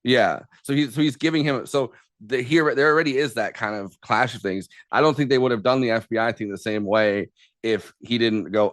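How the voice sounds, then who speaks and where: A man co-hosting a podcast in a casual movie chat, animated as he retells scenes. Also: medium pitch, brisk, no room sound. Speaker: podcast co-host.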